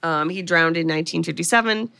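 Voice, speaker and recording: A woman's voice: fairly low pitch, fast, creaky, pushed and bright, clean tone. A woman podcast host casually recapping a horror film plot as a chatty storyteller. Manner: chatty storyteller, quotes characters.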